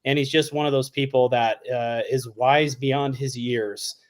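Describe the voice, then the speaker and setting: A man's voice: mid-range voice, a little slow. A man guest speaking earnestly and a bit hesitantly about a close friend. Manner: relaxed, earnest with some hesitation.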